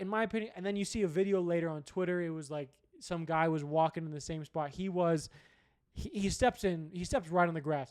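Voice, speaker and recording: Rambling young man with a fairly high voice. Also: darkish tone, no echo, studio quality. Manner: rambling, profane, conversational recap. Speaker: sports podcast host. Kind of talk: casual sports chat.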